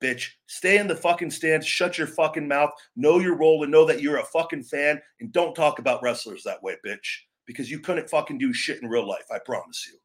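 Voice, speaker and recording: A man's voice: on the high side, fairly quick, hardly any pauses. Profane ranting male wrestling show host. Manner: profane, aggressive, berating trolls; calmer, rambling with restarts. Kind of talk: live stream rant and commentary.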